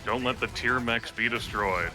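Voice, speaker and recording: A man's voice: mid-range voice, normal speed. A man making dry, wry remarks while playing a game with friends on stream. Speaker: gamer on a live stream. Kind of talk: casual co-op gaming chat. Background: game music.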